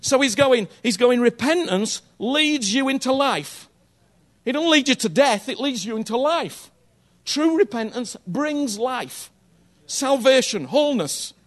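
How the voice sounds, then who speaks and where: High-voiced man preaching earnestly. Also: animated, unhurried. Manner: earnest, conversational, checks in with "you understand me?"; repeats phrases for emphasis. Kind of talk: sermon.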